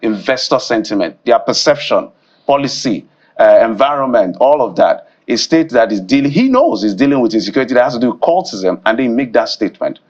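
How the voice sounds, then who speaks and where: A man's voice: mid-range voice, fairly quick, lo-fi sound. A man, co-hosting a morning news panel and arguing his point with energy. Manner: animated, argumentative. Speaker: news show co-host. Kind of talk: studio panel discussion.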